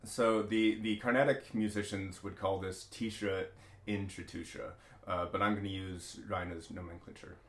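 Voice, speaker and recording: A man's voice: low-pitched, normal speed. A man teaching a music lesson, explaining rhythm step by step with frequent hesitations. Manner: chants rhythm syllables in steady counted patterns. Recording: roomy echo.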